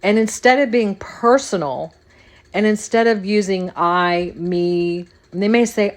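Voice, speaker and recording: A woman's voice: mid-range voice, measured pace. A woman hosting a podcast, talking casually in a rambling monologue and repeating phrases for emphasis. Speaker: podcast host.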